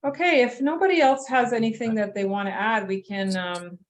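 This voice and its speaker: A woman hosting a relaxed group call, chatty and easygoing before leading a meditation. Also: fairly high pitch, fairly quick.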